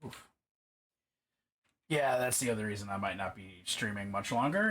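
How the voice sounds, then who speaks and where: A man's voice: lowish voice, animated, moderate pace, long pauses, fairly bright tone, slight background noise. A man casually chatting and swearing to himself while painting a miniature on a live stream. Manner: profane, joking, talks to himself while working.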